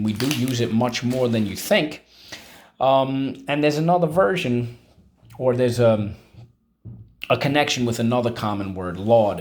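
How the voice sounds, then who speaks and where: A man's voice: mid-range voice, darkish tone. A man teaching a vocabulary and phonics lesson, drilling each word aloud with repetitions and prompts to the class. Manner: drills words aloud, repeating each one.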